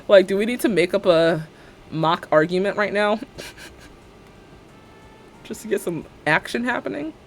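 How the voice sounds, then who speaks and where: A woman's voice: mid-range voice, slow, long pauses, a little hiss or hum. A woman streamer chatting casually while building in a game, rambling, joking and laughing often.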